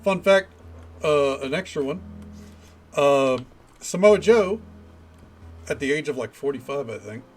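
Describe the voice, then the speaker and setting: A man's voice: a little high, animated, unhurried, long pauses, faint music behind. A male streamer giving casual, joking commentary while playing a game, swearing freely. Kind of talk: casual let's-play commentary.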